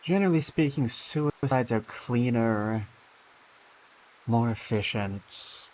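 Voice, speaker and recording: A man's voice: medium pitch, takes it slowly, slight background noise, low-quality recording. A man streaming a game, thinking aloud with dry asides and reading the game text.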